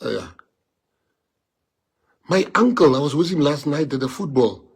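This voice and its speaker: Husky impassioned man on a live stream. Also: on the high side, expressive, moderate pace. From South Africa. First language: Afrikaans. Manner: impassioned, rhetorical questions, swings from quiet to loud. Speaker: livestream speaker. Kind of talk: emotional live stream monologue.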